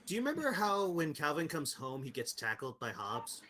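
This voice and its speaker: A man's voice: fairly high pitch, huge pitch swings, moderate pace, a crowd in the background. A man running a tabletop game as game master, narrating loosely and laughing often.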